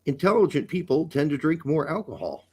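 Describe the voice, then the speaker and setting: A man's voice: a little high, very animated, brisk, warm tone, breathy edge. A middle-aged man co-hosting a casual podcast, riffing in joking, profane banter. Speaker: podcast co-host. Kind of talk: casual chat.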